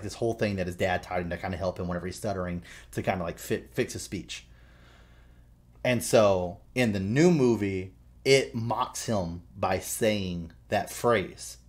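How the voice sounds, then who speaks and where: A man co-hosting a podcast, telling a story in animated, profane casual chat. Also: fairly low pitch. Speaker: podcast co-host.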